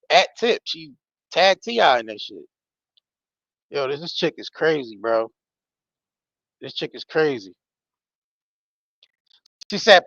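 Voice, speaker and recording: A man with a slightly high voice hosts a live stream in loose, slangy commentary. He talks emphatically and swears freely. The sound is dull and dry, with a lo-fi edge. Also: animated, a little slow, long pauses, fairly bright tone, dry recording. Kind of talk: casual live-stream commentary reading social posts.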